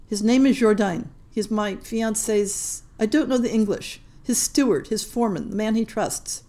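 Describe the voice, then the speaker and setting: A woman's voice: mid-range voice, moderate pace, warm tone, natural voice. Woman voicing a young Frenchwoman, desperate, tearful, urgent, audiobook reading.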